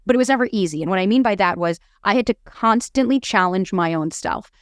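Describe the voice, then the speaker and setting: A woman's voice: medium pitch, quick pace, dry recording, studio quality. A young woman on a podcast, a dating coach telling her own story in candid, casual talk that is peppered with swearing.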